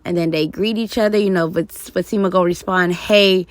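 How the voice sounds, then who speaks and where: A woman's voice: lowish voice, steady tone, fairly quick, no echo. A woman talking casually about a TV show, rambling with fillers as she works through her ideas. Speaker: TV commentator. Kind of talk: casual commentary vlog.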